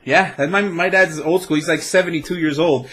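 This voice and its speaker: A man's voice: on the high side, fairly even intonation, a little fast, a bit bright. A man from the United States co-hosting a casual webcam chat show, rambling and swearing freely. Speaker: co-host. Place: home webcam setup.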